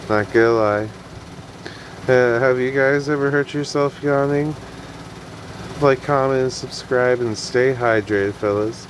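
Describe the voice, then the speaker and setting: A man's voice: medium pitch, a little hiss or hum, rough recording. A man vlogging in a casual, rambling late-night monologue, tired and yawning, sighing and trailing off. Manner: rambling, self-talking, sighs and trails off.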